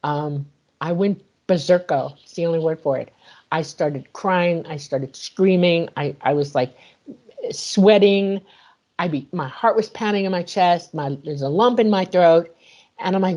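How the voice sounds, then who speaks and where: A woman guest in an interview, retelling a personal experience in an animated way and acting out the dialogue. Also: on the low side, moderate pace. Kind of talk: emotional personal storytelling.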